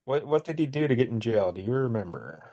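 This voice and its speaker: A man co-hosts a comic book podcast, retelling the story fast in an animated, warm, medium-pitched voice. He rambles, laughs often, and briefly acts out characters' lines; the sound is lo-fi with no room sound.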